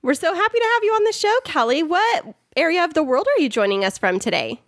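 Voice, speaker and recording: A woman's voice: high-pitched, big pitch swings, fast, fairly bright tone, dry recording, studio quality. A woman co-hosting a podcast, friendly and curious in her questions. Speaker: podcast co-host. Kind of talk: casual podcast chat.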